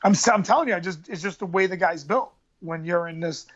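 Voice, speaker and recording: A man's voice: high voice, fast talker, fairly bright tone, highs cut off. A man, an MMA fighter and coach telling stories in a casual podcast interview, rambling and using street slang. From New York area. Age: 30s.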